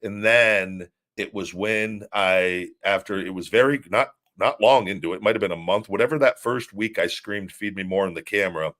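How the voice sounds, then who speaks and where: A man's voice: lowish voice, moderate pace, few pauses, fairly bright tone. A middle-aged man hosting a casual podcast, telling long stories with many restarts and repeated words. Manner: rambling storytelling with many restarts. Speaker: show host, former wrestler.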